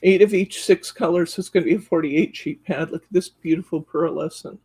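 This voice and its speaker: Husky woman doing live craft show and tell, raves about card stock, counts sheets out loud. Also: fairly low pitch, a little fast. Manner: enthusiastic, gushing over products; counts sheets aloud while flipping. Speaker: craft store host.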